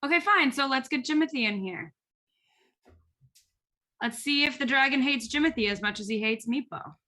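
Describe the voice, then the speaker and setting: A woman's voice: sits high, lively intonation, normal speed, pushed and bright. A woman playing a tabletop game, blunt and joking in casual chat. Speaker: player.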